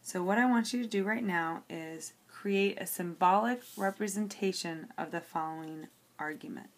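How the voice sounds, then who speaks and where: A woman's voice: on the low side, normal speed. A woman teacher working through a logic example on paper, explaining each step and checking in with "okay" as she goes.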